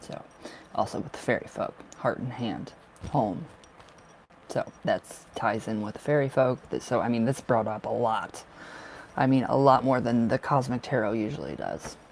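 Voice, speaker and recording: A man chats through a live tarot reading, gushing and affectionate, breaking into laughs. His voice sits at a middling pitch with a gravelly fry. A faint hiss runs under the home webcam recording. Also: expressive, normal speed. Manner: warm, gushing, laughs often. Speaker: tarot reader. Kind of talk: casual livestream chat.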